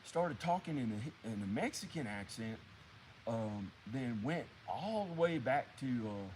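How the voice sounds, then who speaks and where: A man voicing an older drifter who tells his story haltingly, with many pauses and ums. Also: mid-range voice, animated, darkish tone, slight background noise, voice pushed down, lightly acted, poor audio. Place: woods outdoors.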